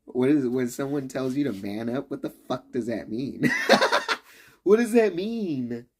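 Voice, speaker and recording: A man talking off the cuff on a live stream at an ordinary middle pitch. He rambles and swears freely, and he laughs often between his thoughts. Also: normal speed, a little mellow, breathy edge. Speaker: livestreamer. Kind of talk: casual live-stream rant.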